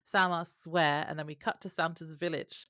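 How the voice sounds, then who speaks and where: A woman's voice: sits low, steady tone, normal speed, a bit bright, dry recording, clean studio sound. A woman co-hosting a podcast who reads from her notes in casual chat and laughs often. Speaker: podcast co-host. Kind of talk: casual chat recapping a TV episode.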